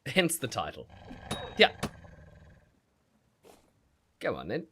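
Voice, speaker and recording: A man's voice: lowish voice, a little slow, pauses often, a little hiss or hum. A man streaming a survival game, chatting with viewers and narrating his fights with lots of laughter. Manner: animated, laughs often, talks to himself. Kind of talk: gameplay commentary with chat reading.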